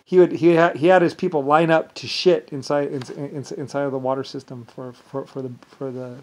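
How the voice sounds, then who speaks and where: A man's voice: on the high side, little pitch movement, a little fast, darkish tone, a little hiss or hum. A man talking in a meandering monologue, often restarting sentences and leaning on repeated fillers. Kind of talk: rambling monologue.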